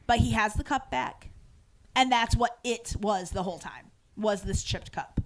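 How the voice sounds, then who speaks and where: A woman's voice: on the high side, measured pace. A woman podcast host retells a show's scenes in loose, chatty fashion, peppering her talk with "um" and "like." She slips into the characters' lines as she goes, with the odd casual swear word. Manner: animated retelling, acting out quoted lines; frequent "um" and "like" fillers, casual swearing. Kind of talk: casual episode recap chat.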